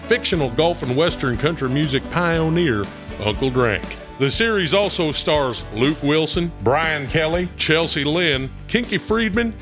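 Man voicing a folksy country singer character, lively pitch, music behind. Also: lightly acted. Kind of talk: ad read in character.

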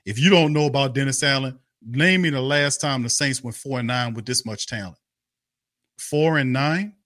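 A man's voice: mid-range voice, moderate pace, fairly bright tone, no room sound, studio quality. A man hosting a fan live stream, ranting in a heated, repetitive, cursing and scornful way. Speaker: sports fan show host. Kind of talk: angry live-stream rant.

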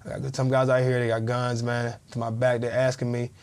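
In his thirties and once a professional football player, this podcast guest recounts a story in easygoing conversation, words coming fast. He brings it to life by acting out the quotes and voicing the people in it, his pitch an ordinary middle register.

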